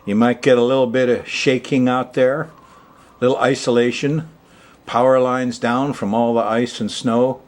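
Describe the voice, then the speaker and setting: A man's voice: mid-range voice, steady tone, normal speed, a little mellow. A man hosting an astrology television show, talking casually to the camera with frequent chuckles and rambling asides. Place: Hawaii.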